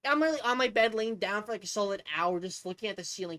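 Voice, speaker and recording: Lively, bright-voiced woman ranting casually. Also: mid-range voice, fast. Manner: profane, rambling, animated storytelling. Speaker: streamer.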